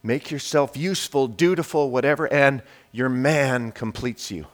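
A man preaching a sermon, addressing the congregation directly and swinging between loud declarations and quiet, hushed lines. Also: medium pitch, normal speed.

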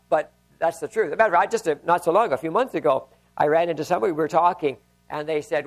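High-voiced man preaching a sermon. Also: animated, quick pace. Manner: conversational preaching with personal stories. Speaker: pastor.

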